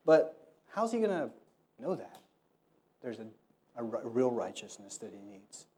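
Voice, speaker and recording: A man's voice: mid-range voice, very animated, unhurried, gravelly, dark tone. A man preaching a sermon in a conversational way, telling stories and acting out the voices of people he quotes. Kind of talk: sermon with storytelling.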